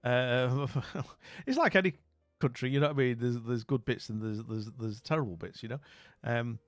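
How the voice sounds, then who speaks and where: A man's voice: medium pitch, moderate pace, no room sound. A British man streaming live, chatting casually with his viewers, rambling and often trailing off into mumbles. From Britain. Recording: dry close recording with faint music.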